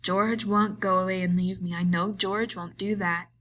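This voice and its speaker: A woman voicing a big, simple, frightened man-child who talks in a pleading, halting, repetitive way. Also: mid-range voice, steady tone, fairly bright tone, a little hiss or hum, natural voice. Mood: insistent.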